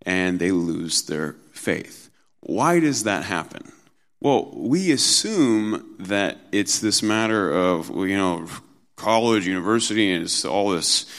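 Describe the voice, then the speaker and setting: A man with a very low, deep voice delivers a Sunday morning sermon. He speaks earnestly and conversationally and slows down to lean on key phrases. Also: vocal fry. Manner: earnest preaching, slows for emphasis, mimics mocking tones in quotes. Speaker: pastor.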